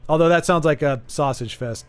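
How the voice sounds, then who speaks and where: A man streaming a card game and chatting over a call. His voice sits a bit high. He rambles, restarts often and makes self-deprecating jokes, with quiet game music playing under him. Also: a little fast, smooth. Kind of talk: casual chat while gaming.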